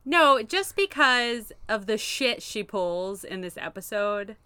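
A woman co-hosting a casual podcast, animated and laughing often, swearing freely as she recaps an old sitcom. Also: on the high side, slow, clean tone, no echo. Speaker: podcast co-host.

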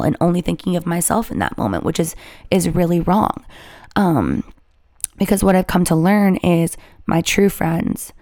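A woman's voice: on the low side, lively intonation, normal speed, a little mellow, no echo, clean studio sound. A woman in her twenties, a YouTuber telling a personal story to her viewers in a candid, rambling way, full of "like" and restarts. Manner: rambling, confessional, heavy with "like" and restarts.

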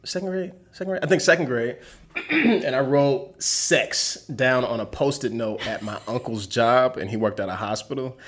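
A man's voice: mid-range voice, moderate pace. A man chatting casually as a podcast co-host who laughs often and gives frequent backchannel responses. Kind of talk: casual chat.

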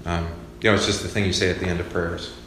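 A man teaching a Bible study class in a relaxed, conversational way, with many fillers. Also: low voice, fast talker, a little hiss or hum. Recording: echoey hall with faint ambience.

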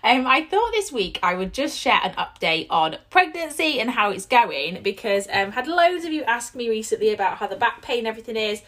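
A young woman, hosting a casual solo podcast, her voice a bit croaky, chatty with lots of fillers and restarts. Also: on the high side, sing-song, brisk, few pauses, fairly bright tone. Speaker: podcast host.

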